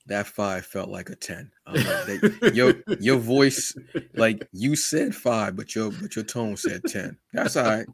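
A husky, somewhat low male voice with a casual, animated podcast-host delivery. He is from the United States and talks in a lively back-and-forth, recorded close and dry with no room sound. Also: measured pace, dry recording. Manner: animated, says "brother" often, acts out quotes.

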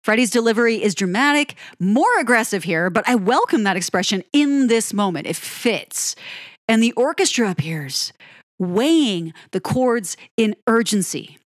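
A woman giving an admiring, unhurried commentary on a pop ballad. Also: fairly high pitch, expressive, no echo, studio quality. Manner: admiring, lingers on phrases, sings lyric snippets. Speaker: music reviewer. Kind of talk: song-by-song music commentary.

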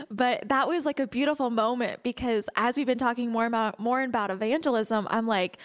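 A woman leading a church class, telling a lively story with frequent laughs and then praying aloud. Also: fairly high pitch, normal speed. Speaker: class leader. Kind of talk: church class talk and prayer.

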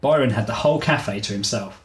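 A man reading his own story aloud to co-hosts, steady and measured, joking between passages. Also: medium pitch, echoey room, rough recording.

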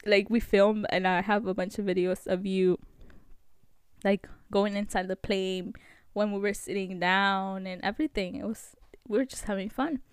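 A young woman hosting a vlog, telling a story in a chatty, animated way with lots of fillers. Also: medium pitch, moderate pace, clear, resonant tone, no echo, clean studio sound. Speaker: vlog host.

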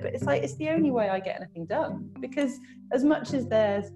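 A woman chatting as a podcast guest, lively and quick to laugh. She slips into little character voices when she quotes people. Music plays softly beneath her. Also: a little high. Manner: animated, laughs often, acts out voices in quotes. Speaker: podcast guest, business owner and coach. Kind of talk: casual podcast chat.

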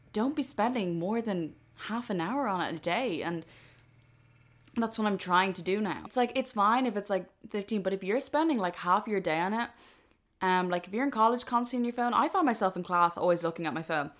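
A woman of twenty, talking through a casual solo podcast episode in an earnest, chatty way full of "like". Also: mid-range voice. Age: 20s. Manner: chatty, earnest, many "like" fillers. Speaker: podcast host.

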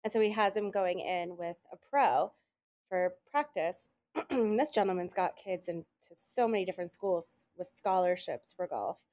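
Chatty animated woman telling stories. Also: lowish voice, a little slow. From Italian heritage. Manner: animated storyteller, quotes others often. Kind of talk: casual chat.

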